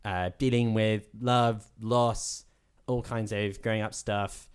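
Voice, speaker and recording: Smooth low-voiced man riffing jokily. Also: level tone, takes it slowly. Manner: jokey, riffing, with frequent laughter; swears casually. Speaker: podcast co-host. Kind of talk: casual film-review chat.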